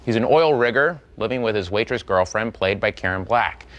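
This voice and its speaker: Measured male classic film host. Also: lowish voice, animated, fairly bright tone, muffled recording. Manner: measured, formal presenting. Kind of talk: scripted film introduction.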